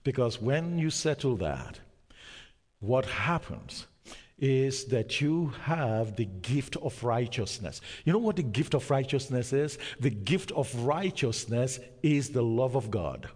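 A male preacher delivers a sermon at a deliberate, unhurried pace, pausing for effect. His voice swells loud for emphasis, then sinks to a hushed near-whisper. The sound carries a long reverb, as in a large church hall. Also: medium pitch, very animated. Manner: slow, emphatic preaching with dramatic pauses and sudden drops to near-whisper.

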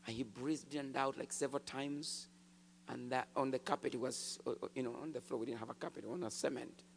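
A man preaching a testimony, telling his story with animated swings from hushed to shouted. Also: mid-range voice, brisk, vocal fry, slight background noise. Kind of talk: sermon testimony. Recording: long hall reverb.

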